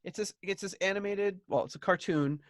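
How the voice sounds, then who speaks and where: A man in his thirties hosts a podcast, rambling casually about an album in a review chat and laughing easily. His voice is high and a little fast, recorded in studio quality with no echo.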